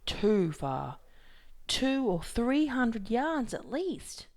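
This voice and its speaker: A woman reading aloud, voicing a weathered grown man who speaks plainly and gravely to his son. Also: a little high, big pitch swings, drawn-out words, a little mellow, voice pushed up, exaggerated voice. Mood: resigned. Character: weathered grown man, a boy's steady father.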